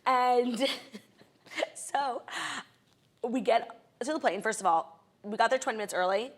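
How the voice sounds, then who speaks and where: A young woman, a comedian and podcast co-host, telling a casual anecdote with lots of "like" fillers. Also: on the high side. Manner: fast, chatty anecdote-telling full of filler "like". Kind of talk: casual chat, storytelling.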